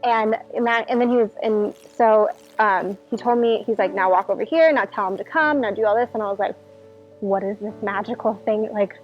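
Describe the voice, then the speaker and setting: A woman's voice: medium pitch, fairly quick. A woman casually telling a personal story, acting out her own past reactions with lots of "like" fillers. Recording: dull lo-fi sound, faint music behind.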